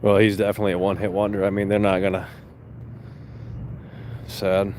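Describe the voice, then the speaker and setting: A man's voice: sits low, completely flat delivery, a little fast, a little mellow, a little hiss or hum. A young man hosting a livestream, chatting casually to viewers in a rambling, sarcastic, profane way from a car. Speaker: livestream host. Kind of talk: casual livestream chat reading viewer comments.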